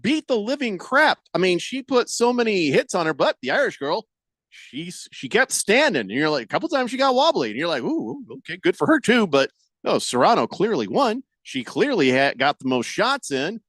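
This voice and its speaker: A man with a high, lively voice hosts sports talk radio, and his pitch swings widely as he rants. He reads out listener texts and breaks into exasperated mock quotes. The sound is dry and close, with no room echo. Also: normal speed.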